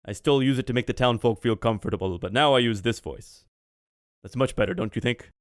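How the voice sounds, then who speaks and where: A man voicing a cryptic, ageless male being in an adopted body, who asks slow, probing questions in a tabletop game. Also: mid-range voice, no room sound, studio quality, close to an everyday voice.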